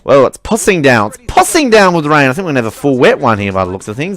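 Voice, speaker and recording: A man's voice: fairly high pitch, big pitch swings, quick pace, hardly any pauses, no room sound. A young man giving rambling, self-mocking commentary while playing a racing game. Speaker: gaming commentator. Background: faint car engine noise.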